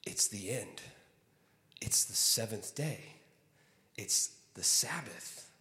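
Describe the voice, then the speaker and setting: A man preaching a sermon as a guest speaker, telling a personal story in an animated way and acting out what was said, then easing into softer, reflective teaching. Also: on the low side, slow. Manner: animated, acts out his own story with loud exclaimed quotes; drops to soft, hushed delivery for reflective points. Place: church sanctuary. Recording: long reverb of a large hall.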